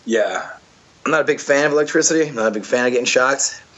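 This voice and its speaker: The recording has its highs cut off as this podcast guest, an obstacle racer, chats through race stories. He talks fast in a medium, slightly bright voice, rambling with plenty of fillers and restarts.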